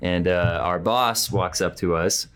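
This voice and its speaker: A man's voice: low voice, measured pace, a bit bright, clear, resonant tone. A young man, a podcast guest, telling a casual story with lots of "uh" and "like" and frequent laughter. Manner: rambling, laughs often, many fillers like "uh" and "like".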